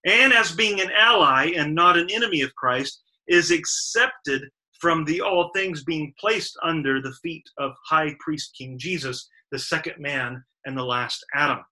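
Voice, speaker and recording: A man's voice: a little high, a little slow, hardly any pauses, bright, forceful tone, poor audio. A man giving a Sabbath Bible study lecture, working carefully through verses and stressing strings of verbs one by one. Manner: methodical, stressing lists of verbs with emphasis. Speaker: Bible teacher.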